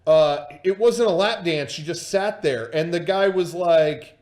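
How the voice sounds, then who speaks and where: A man's voice: on the high side, measured pace, darkish tone. A man casually telling a story on a livestream, swearing freely and full of fillers and restarts. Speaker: streamer and storyteller.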